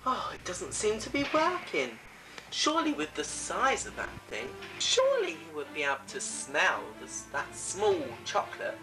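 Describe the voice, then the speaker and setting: Flustered man in falsetto over loud music. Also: recorded from a distance, low-quality recording. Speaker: parody performer voicing prison women. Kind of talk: homemade parody sketch.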